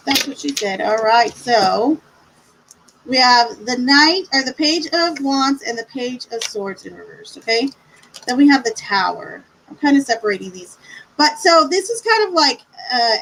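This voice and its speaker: A woman's voice: on the high side, fairly bright tone, a little hiss or hum, poor audio. A middle-aged woman giving live tarot readings on a stream, chatty and reassuring as she talks to viewers. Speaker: tarot reader.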